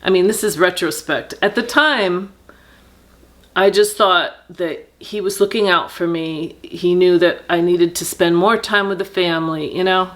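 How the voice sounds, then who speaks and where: A middle-aged woman telling a personal story on her vlog, earnest and reflective, pausing with fillers and restarting sentences. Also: on the low side, a bit bright.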